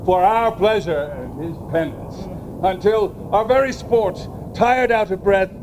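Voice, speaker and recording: A man's voice: sits high, a little slow, background noise. A man playing a jovial, scheming knight in an outdoor stage play, laughing as he plots. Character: jovial drunken knight Sir Toby. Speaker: community theatre actor.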